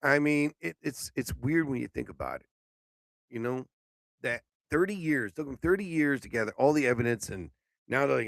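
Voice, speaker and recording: A man hosting a casual live stream show, sleepy and yawning, rambling with loud outbursts and swearing. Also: medium pitch, moderate pace, creaky, no echo.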